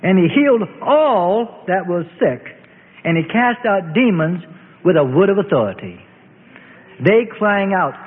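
A man giving a dramatic, theatrical scripted narration of a Bible story, slowing and stressing key words. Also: high-pitched, husky. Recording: echoey tinny radio broadcast.

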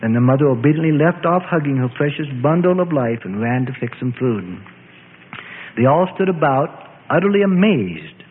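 A man reading a scripture story aloud in an expressive, dramatic storytelling way. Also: mid-range voice, a little hiss or hum. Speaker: narrator. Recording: tinny, echoey lo-fi radio audio.

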